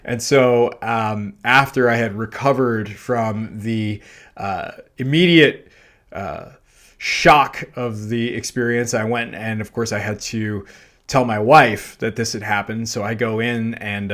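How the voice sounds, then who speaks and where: A man hosting a podcast, telling a personal anecdote in a loose, animated way, full of fillers and self-deprecating laughter. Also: on the low side. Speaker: podcast host. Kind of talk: storytelling monologue.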